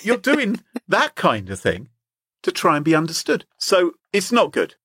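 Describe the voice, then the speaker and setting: A man's voice: on the high side, wildly swooping pitch, normal speed, fairly bright tone, slightly rough, dry recording. An Englishman co-hosting a podcast, telling stories in a joking, playful way. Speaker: podcast co-host. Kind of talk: casual comedic chat.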